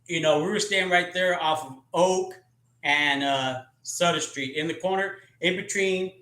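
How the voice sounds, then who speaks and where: A man tells rambling, profane, joking stories about his childhood on a casual live stream. His voice is a little high and bright, with a sharp edge, and the room around him is echoey. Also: unhurried. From California. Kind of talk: casual storytelling.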